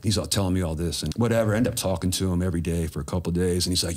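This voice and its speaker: Male guest, very low voice, loose and profane storyteller. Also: steady tone, racing. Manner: laid-back, profane, slangy. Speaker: podcast guest. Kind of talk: casual storytelling.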